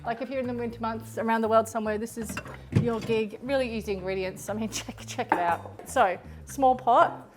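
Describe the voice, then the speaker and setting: A woman's voice: fairly high pitch, steady tone, brisk. Gushing woman chef. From Australia. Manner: chatty and gushing, exclaiming over the food. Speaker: cooking show host, chef. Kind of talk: casual cooking demonstration. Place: kitchen, cooking at the stove. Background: music and sizzling food.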